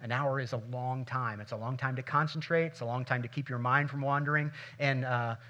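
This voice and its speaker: Bright, chatty male pastor preaching. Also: medium pitch, steady tone, fairly quick, highs cut off. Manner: conversational and humorous, acts out little scenes. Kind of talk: sermon.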